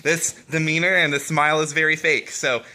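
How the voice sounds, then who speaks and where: A man's voice: fairly high pitch, fairly even intonation, brisk, sharp tone. A young man vlogging straight to camera in casual talk, emotional and upset, swearing often and restarting his sentences. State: upset, shaken. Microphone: camera mic, face-to-face video.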